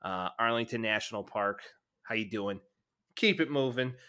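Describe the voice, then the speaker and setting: A man with a lowish, bright, forceful voice chats casually as co-host of a sports podcast. He jokes around and talks up his hometown team with easy enthusiasm. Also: normal speed. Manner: joking, hypes the home team.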